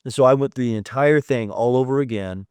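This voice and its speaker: Brisk and mid-range with a darkish, clean tone, this podcast guest in his fifties plainly recounts his story in a conversational interview, voicing the dialogue himself. There's no room sound on the recording.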